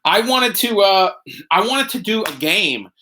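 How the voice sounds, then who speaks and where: A man's voice: sits high, very animated, unhurried, bright, forceful tone, slight background noise. Tipsy man hosting a home livestream. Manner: rambling, joking, many fillers. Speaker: host. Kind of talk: casual live-stream chat.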